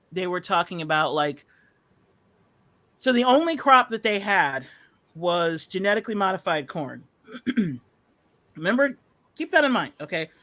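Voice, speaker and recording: An American podcast host rants casually about a movie, profane, sarcastic, and exasperated, rambling with plenty of fillers. The voice is medium-pitched with a fairly bright tone.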